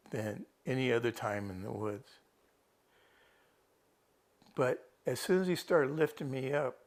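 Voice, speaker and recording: A man with a gravelly, creaky voice tells a TV reporter how he was rescued after getting lost on a hike. He rambles casually, restarts sentences and quotes what he thought at the time, in a voice of middling pitch. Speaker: rescued hiker interviewed by a TV reporter. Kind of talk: casual first-person account.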